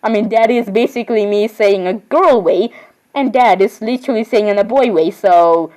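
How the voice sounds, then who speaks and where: A woman's voice: mid-range voice, moderate pace, dark tone, rough recording. A woman voicing every doll in an improvised role-play, talking in a rambling, chatty way with sudden surprised squeals. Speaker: voicing all the dolls in a homemade role-play.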